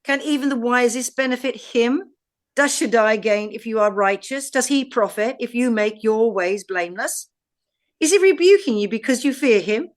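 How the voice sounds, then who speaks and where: An English woman with a slightly high voice reads scripture aloud for a podcast. Her delivery is measured and deliberate, each line given its own space. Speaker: podcast co-host.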